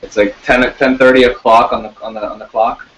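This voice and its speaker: A man talking casually and rambling, with halting restarts and frequent swearing. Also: mid-range voice, flat delivery, a bit bright. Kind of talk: casual chat. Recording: dull lo-fi sound.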